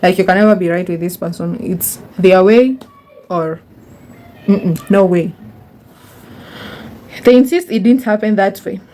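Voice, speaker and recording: Young woman, vlog host, warm mellow tone, chatty and repetitive, mid pitch. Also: a little slow, pauses often. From Kenya. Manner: chatty, repeats words for emphasis, calls viewers honey. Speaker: YouTuber. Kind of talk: casual advice monologue.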